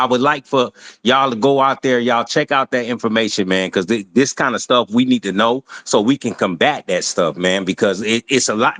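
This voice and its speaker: A man's voice: mid-range voice, fairly bright tone, no echo. A man talking casually and earnestly to a show audience, often restarting his sentences. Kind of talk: casual talk.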